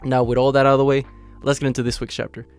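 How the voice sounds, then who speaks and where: Hoarse, raspy-voiced man reviewing manga. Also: medium pitch, flat delivery, racing, faint music behind. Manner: upbeat and chatty, full of "you know" fillers and laughs. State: hoarse from illness. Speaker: anime channel host. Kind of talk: casual manga chapter review.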